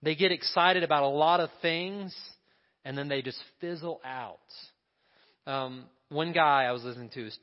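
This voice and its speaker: A male pastor with a fairly high, slightly raised voice preaches at a moderate pace in a relaxed, conversational sermon, often addressing the congregation with questions and side remarks. The recording is dull and lo-fi, with a long hall reverb.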